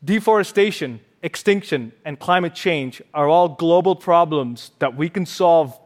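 A man's voice: fairly high pitch, measured pace. A man giving a prepared stage talk as a conservationist, playful and fond of puns.

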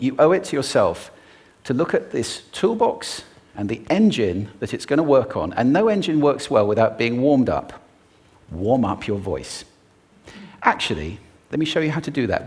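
A man who is a voice expert gives a live talk on a stage before an audience and uses his own voice to demonstrate his points. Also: medium pitch.

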